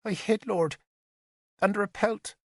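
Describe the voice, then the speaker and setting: A man voicing a frightened nine-year-old peasant girl who speaks in a small, quiet voice. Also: high-pitched, measured pace, dry recording, studio quality, pitched above the performer's own voice. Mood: tearful. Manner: small, quiet, rehearsed speech.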